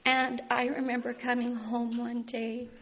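A woman shares a heartfelt personal testimony, earnest and tearful, often laughing through her tears. Her voice sits a little high. The recording is a bit muffled, with a faint hiss underneath. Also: completely flat delivery, a little slow, fairly bright tone. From Canada. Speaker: speaker sharing a personal testimony. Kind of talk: emotional personal storytelling.

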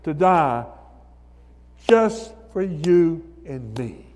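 Preacher, male, high and unhurried, sermon with ringing reverb. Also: sing-song. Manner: rising to shouted hallelujahs, calls on listeners by name. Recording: long reverb of a hall.

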